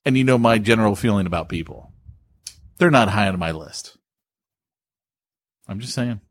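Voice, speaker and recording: Man with lively, dry teasing delivery. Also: fairly low pitch, moderate pace, no echo. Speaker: podcast co-host. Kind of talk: casual chat.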